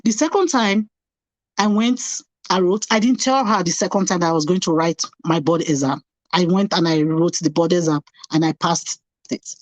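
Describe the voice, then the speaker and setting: A woman's voice: on the low side, normal speed, dry recording, poor audio. A middle-aged woman, a nurse, telling her personal story as an interview guest. She speaks animatedly, acts out past conversations and repeats phrases for emphasis.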